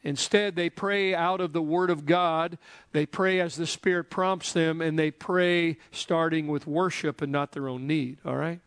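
A man's voice: a little high, steady tone, measured pace, fairly bright tone, smooth, no room sound, studio quality. Joking, conversational male preacher. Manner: joking, conversational, prompts the congregation. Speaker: pastor. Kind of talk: sermon.

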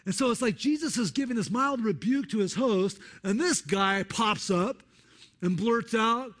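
A man preaching a sermon, conversational and animated, acting out the quotes of the people in his Bible passage. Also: high voice, measured pace. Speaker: pastor.

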